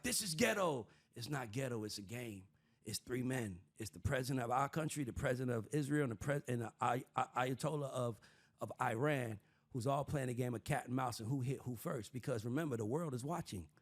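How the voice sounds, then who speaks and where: A man hosting a casual panel chat, profane and streetwise, acting out other people's voices as he explains. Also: mid-range voice. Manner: animated, acts out voices of others while explaining. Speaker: podcast host.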